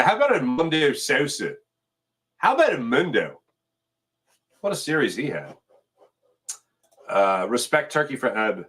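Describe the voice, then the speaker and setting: Animated, chatty sports-show host man. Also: medium pitch. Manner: animated, chatty, reads sponsor spots and viewer comments. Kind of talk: casual live-stream chat reading comments.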